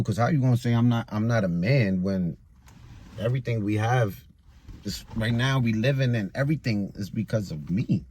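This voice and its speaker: A man's voice: on the low side, moderate pace, darkish tone, husky. Frustrated young man venting outdoors. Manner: frustrated, rambling, repeats himself. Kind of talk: venting vlog monologue. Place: outdoors in a busy public area.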